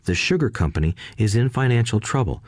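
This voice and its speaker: A man reading the part of a kind, gentle schoolteacher father who explains things patiently. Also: mid-range voice, very animated, brisk, dry recording, voice pushed up. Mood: patient explaining. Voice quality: soft, patient. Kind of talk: audiobook reading.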